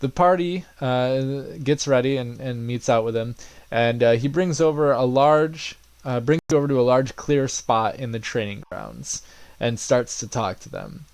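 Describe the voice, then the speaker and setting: Brief: male game master narrating a tabletop game, loose and filler-heavy, average pitch, dry recording. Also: moderate pace, darkish tone, no room sound.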